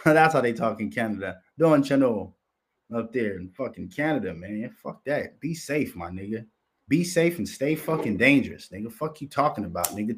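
A man hosting a commentary show, talking in a rambling, profane monologue and slipping into mocking voices. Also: mid-range voice. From Minnesota, United States.

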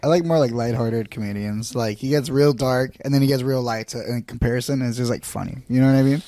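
A young man trading jokes on a casual podcast with friends. He swears casually and pads his thoughts with fillers. His voice is an ordinary middle pitch. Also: fast talker, dark tone, no room sound. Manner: joking, swearing, hedging with fillers.

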